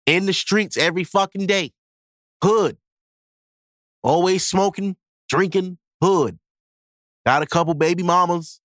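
A man's voice: high voice, measured pace, pauses often, fairly bright tone, dry recording, studio quality. Blunt, profane man on a podcast. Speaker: podcast host. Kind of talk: casual chat.

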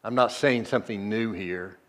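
This pastor speaks at a normal speed as he delivers a sermon, shifting from soft, low stretches to emphatic, booming moments. Again and again he throws rhetorical questions at the congregation.

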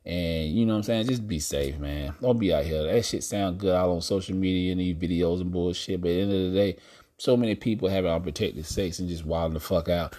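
A man's voice: sits low, fairly quick, warm tone. A man hosting a podcast, talking to his listeners in a blunt, profane, casual monologue. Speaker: podcast host.

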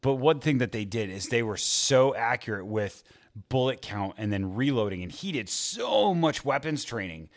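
A man's voice: mid-range voice, animated, moderate pace. A man in a casual podcast chat, rambling with lots of fillers and frequent laughs. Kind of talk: casual chat about movies.

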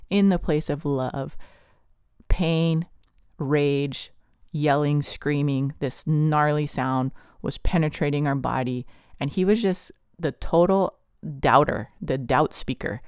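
A podcast host tells a personal testimony in an earnest, vivid way, leaning on casual "like" fillers. The voice is smooth and clean at a mid pitch. It is recorded close in a dry room. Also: a little mellow, no echo.

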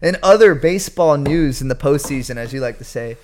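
A young man co-hosting a casual chat show, telling stories in an animated, joking way. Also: mid-range voice, fairly quick. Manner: animated storytelling, jokey. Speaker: podcast co-host.

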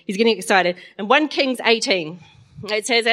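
A woman's voice: fairly high pitch, normal speed, fairly bright tone. A woman retelling a Bible story in a chatty, playful way, often asking her listeners questions. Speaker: Bible lesson teacher.

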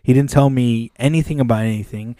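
A man with a mellow, warm voice tells a long story in a relaxed podcast chat. He swears freely and acts out what other people said. The sound is dry and close. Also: medium pitch, a little fast, dry recording. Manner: animated, swears often, acts out quoted dialogue. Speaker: podcast co-host. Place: podcast studio.

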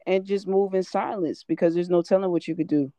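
A woman's voice: lowish voice, fairly even intonation, brisk, dark tone, dry recording. A woman co-hosting a casual chat, laid-back and plain-spoken.

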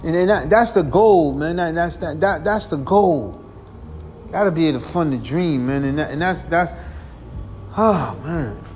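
A man's voice: fairly high pitch, unhurried, darkish tone, faint music behind. A man hosting a podcast, talking in a casual, rambling monologue. He sounds earnest and weary, repeats himself, and keeps calling the listener "man". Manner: earnest, repetitive, peppers lines with "man". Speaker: podcast host.

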